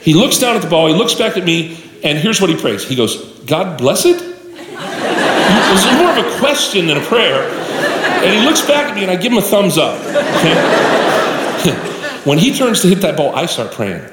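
A man's voice: high-pitched, very animated, moderate pace, long pauses. A male pastor preaching a sermon with folksy storytelling, addressing the congregation directly. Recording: echoey live hall with room noise.

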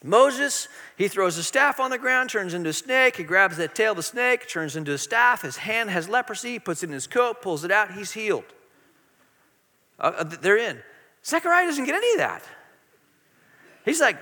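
An earnest male pastor preaching with a high, bright voice. He is emphatic and keeps circling back on his own words. The sound carries a long reverb, as in a large sanctuary. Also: very animated, normal speed. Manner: earnest and emphatic, with frequent repetitions. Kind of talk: sermon.

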